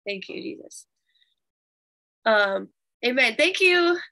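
A young woman teaching a Bible study, telling a testimony in an animated, chatty way with fillers. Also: fairly high pitch, slow pace, vocal fry.

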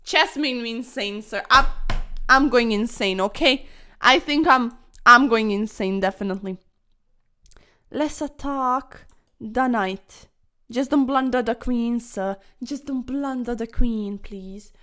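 A woman's voice: on the high side, a little slow, sharp tone. A young woman commentating her own online chess games in a playful, dramatic way, full of quirky slang and mock-formal asides. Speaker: chess streamer.

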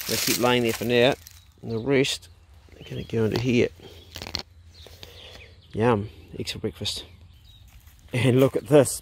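Middle-aged kiwi bloke vlogging on the farm, chatty, birds and animals around him. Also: male voice, mid-range voice, a little hiss or hum. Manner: chatty, coaxing talk to his dogs and ducks. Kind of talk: casual farm vlog talk. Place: outdoors on a rural farm.

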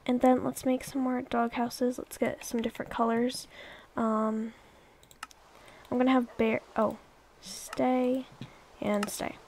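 A woman's voice: on the high side, flat delivery, slow, darkish tone, slight background noise. A young woman chatting and rambling through her gameplay commentary, exclaiming and coaxing her pets along. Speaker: let's play YouTuber.

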